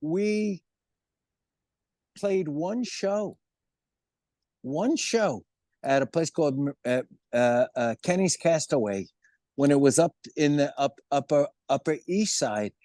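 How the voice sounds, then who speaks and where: A man in his seventies, a musician guest in an interview, telling stories in an animated way. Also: fairly high pitch, slow pace, pauses often, dry recording, studio quality. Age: 70s. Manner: animated storyteller, acts out quoted voices. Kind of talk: storytelling interview.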